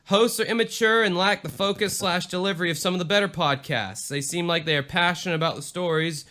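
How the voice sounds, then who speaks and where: A man's voice: sits high, brisk, sharp tone. A young man co-hosting a podcast, reading reviews aloud in a loose, self-deprecating way and swearing freely. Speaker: podcast co-host.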